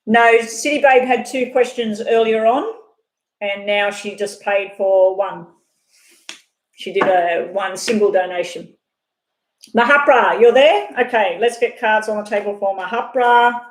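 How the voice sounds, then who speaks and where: A woman doing a live tarot reading, talking fast and rambling off on side chats. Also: mid-range voice, steady tone. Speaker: tarot reader. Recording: echoey room.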